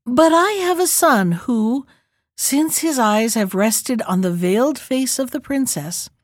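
A woman's voice: a little high, dry recording, studio quality. A woman reading aloud and voicing an anxious old mother who pleads and stammers in a storybook tale.

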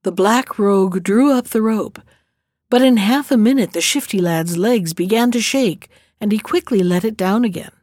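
A woman narrating a storybook tale in a steady, measured way. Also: medium pitch, no room sound, studio quality. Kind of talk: storybook reading.

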